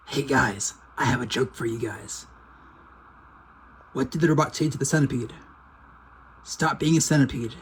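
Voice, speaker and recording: A man's voice: mid-range voice, normal speed, long pauses, a little hiss or hum, lightly acted. A man voicing a goofy male cartoon character who tells silly jokes, in a fan-made cartoon. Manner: dopey, laid-back joke telling.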